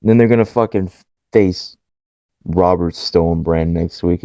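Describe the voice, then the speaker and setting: A man's voice: low voice, slow, dark tone, no echo, muffled recording. A man co-hosting a podcast in casual chat, blunt and swearing freely, laughing often. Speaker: podcast co-host.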